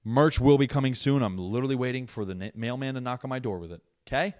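A young man hosting his own podcast, ranting alone in a profane, sarcastic and animated way. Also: mid-range voice, fast talker. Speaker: podcast host. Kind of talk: solo podcast rant.

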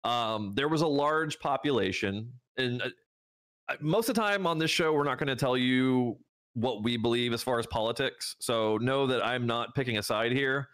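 A man's voice: mid-range voice, normal speed, fairly bright tone. A man from the United States co-hosting a podcast in casual chat. He rambles, restarts his sentences often and laughs a lot. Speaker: podcast co-host.

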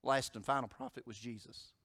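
A man preaching a sermon as pastor, moving from loud emphatic declarations to hushed storytelling. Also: mid-range voice, fairly even intonation, brisk, no room sound.

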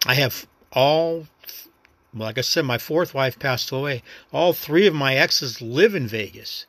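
A man's voice: medium pitch, lively intonation, unhurried, fairly bright tone, no room sound. A man from New York City with a New York accent, hosting his own podcast in a rambling, reflective, understated personal monologue. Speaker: podcast host.

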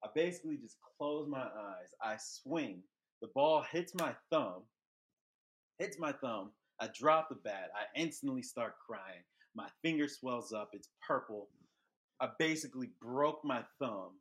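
A young man hosting a podcast, telling a childhood story in loose, profane casual chat that gets animated. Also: medium pitch, unhurried. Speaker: podcast host.

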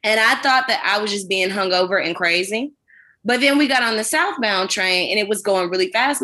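A woman co-hosting a podcast, telling a long, animated, rambling anecdote in casual chat with plenty of swearing. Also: mid-range voice, normal speed. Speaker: podcast co-host.

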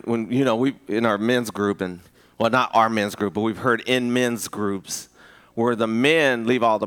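A man preaching a live sermon, conversational and full of restarts, rising to high emphatic peaks. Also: fairly bright tone. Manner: conversational with repeated restarts and rhetorical asks. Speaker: pastor.

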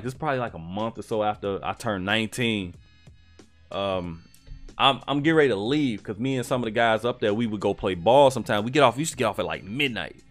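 A young man casually telling a personal story, slangy and animated, with lots of fillers. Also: on the low side.

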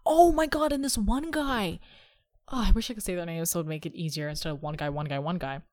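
A woman's voice: fairly low pitch, quick pace, a little mellow, no echo, studio quality. A young woman hosting a podcast, telling stories in a chatty, sarcastic way. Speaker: podcast host. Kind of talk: casual chat.

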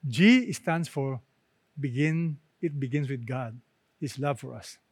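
A man preaching a sermon, emphatic, rising for stress and dropping soft and low at the ends of his phrases. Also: slow pace, husky, no room sound. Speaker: pastor.

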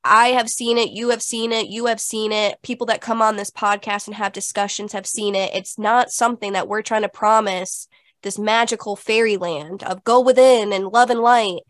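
A woman's voice: medium pitch, steady tone, normal speed, no room sound. A woman co-hosting a podcast, talking in an emphatic, insistent way about spiritual growth, with lots of "like"s. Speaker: podcast co-host. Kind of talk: casual spiritual chat.

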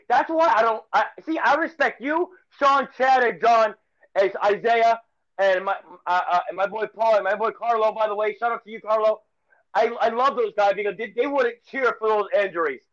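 A man co-hosting a casual sports podcast, ranting excitedly and rambling with repeated phrases. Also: high-pitched, lo-fi sound.

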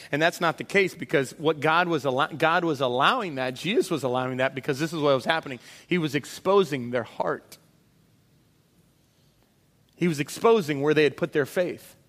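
A man preaching a sermon in a lively way, acting out voices of the people in the story as he goes. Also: fairly high pitch. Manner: animated, acts out voices of disciples and Jesus. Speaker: pastor. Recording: long hall reverb.

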